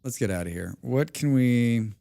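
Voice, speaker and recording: A man's voice: medium pitch, animated, normal speed, gravelly, warm tone, clear, resonant tone, no echo. A man live-streaming a survival game, chatting casually with his viewers and repeating his own phrases. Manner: chatty, talks to himself and chat, repeats phrases.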